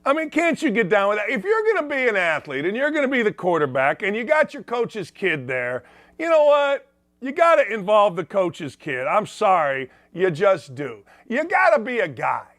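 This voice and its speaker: A man's voice: high voice, huge pitch swings, moderate pace, a bit bright, dry recording. A man hosting a sports talk show, giving brash, mocking opinions straight to his viewers.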